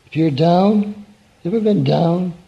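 A man's voice: high voice, a little slow, creaky. A man preaching an evening sermon in a conversational, folksy way, often putting questions to his listeners. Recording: dull lo-fi recording.

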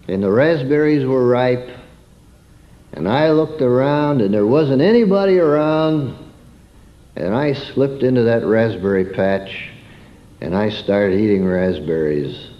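A man's voice: medium pitch, animated, measured pace, muffled recording. A man preaching a sermon through a homespun childhood story, turning to ask his listeners questions.

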